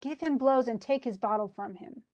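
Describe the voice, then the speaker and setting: A vengeful male island monster, as a woman reads him begs a drunken master to take revenge. The voice sits a little high. The old-fashioned verse is read plainly. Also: normal speed, lo-fi sound, close to an everyday voice. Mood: pleading.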